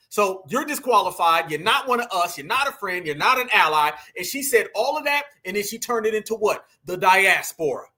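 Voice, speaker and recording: Bright high-voiced man mocking a clip. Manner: mocking, emphatic, talks to viewers as family. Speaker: commentary channel host. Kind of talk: reaction commentary.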